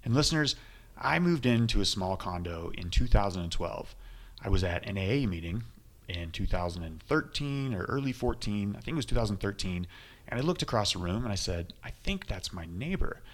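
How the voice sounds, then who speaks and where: A man's voice: on the low side, lively intonation, fairly quick. A man hosting a podcast interview, chatty and joking, trading his own stories with his guest. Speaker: podcast host.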